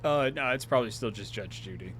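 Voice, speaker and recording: A man's voice: mid-range voice, lively intonation, quick pace, fairly bright tone, faint music behind. A man co-hosting a game stream, tossing out dry, offhand jokes while he plays. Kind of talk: casual let's-play banter.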